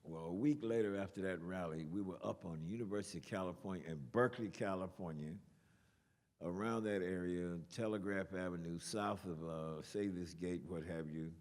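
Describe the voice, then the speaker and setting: Older man telling a lively story in a hall. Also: low-pitched, moderate pace. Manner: animated storyteller, swears and makes sound effects. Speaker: guest speaker. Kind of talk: storytelling talk to an audience. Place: lecture hall. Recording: long reverb in a large hall.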